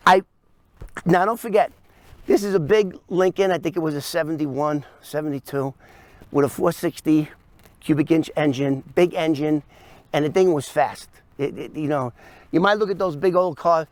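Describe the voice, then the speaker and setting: A man tells a first-person story, acting out scenes with sound effects and quick voices. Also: sits high, a bit bright, dry recording. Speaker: storyteller recounting his past.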